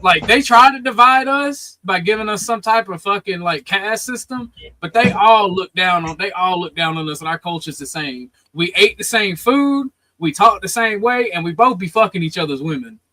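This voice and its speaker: A man's voice: sits high, lively intonation, moderate pace, hardly any pauses, pushed and bright, no room sound, rough recording. A man with a Southern US accent hosting a heated call-in panel, blunt and profane. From Southern United States. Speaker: host.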